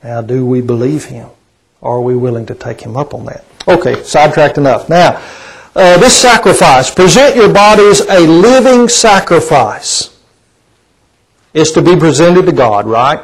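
A man's voice: mid-range voice, animated, normal speed, gravelly, husky, rough recording. A man preaching a sermon in a conversational, folksy way, often asking his listeners rhetorical questions. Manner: asks the congregation rhetorical questions.

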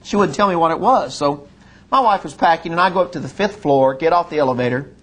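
A middle-aged man, preaching a sermon and telling a personal story in an earnest manner, slowing and dropping low on solemn lines. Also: expressive, fairly bright tone. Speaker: pastor.

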